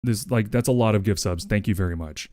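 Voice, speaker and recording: A man's voice: lowish voice, brisk, warm tone. A man live streaming who chats casually with his viewers, rambling, swearing freely and thanking them over and over. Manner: rambling, profane and effusively thankful.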